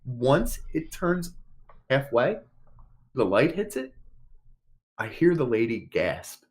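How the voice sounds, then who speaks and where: A man's voice: mid-range voice, slow pace. A man co-hosting a podcast, telling a long story in casual chat, acting out what people said and swearing freely. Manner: animated, swears casually, acts out quotes. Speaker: podcast co-host.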